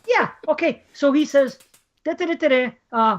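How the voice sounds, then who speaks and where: A woman's voice: sits high, lively intonation, a little fast. A woman co-hosting a podcast in casual chat, ranting in profane exasperation. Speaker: podcast co-host. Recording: dull lo-fi podcast audio.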